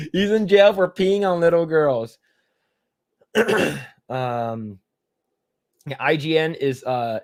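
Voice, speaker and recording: A man's voice: mid-range voice, dry recording. A man hosting a casual podcast, reading chat comments aloud and rambling with frequent swearing and laughter. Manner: rambling, profane, laughs often.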